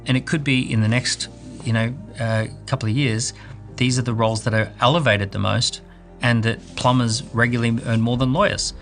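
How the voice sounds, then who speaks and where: A middle-aged man talking in an interview in a relaxed, reflective way. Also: medium pitch, fairly quick, soft background music. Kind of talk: interview talk.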